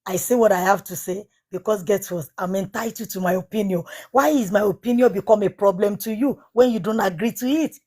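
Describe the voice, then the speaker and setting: A woman's voice: medium pitch, brisk, few pauses, darkish tone, husky. A woman with an African accent on a live panel, defending her opinion in an insistent, repetitive way. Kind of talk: live audio panel discussion.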